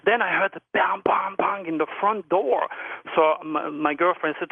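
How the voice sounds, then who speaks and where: Earnest guy calling in, a bit high voice, thin phone-line sound, dry. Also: normal speed, breathy edge, no room sound. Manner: earnest, repeats words while telling stories. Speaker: guest. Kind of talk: telling personal stories on a radio show.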